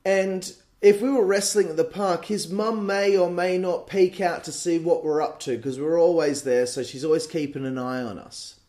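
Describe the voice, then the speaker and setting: A man in his late twenties with an Australian accent, telling crude, animated stories on a podcast and swearing freely. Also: on the high side, normal speed, few pauses. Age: late 20s. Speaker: podcast host. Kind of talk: casual storytelling monologue.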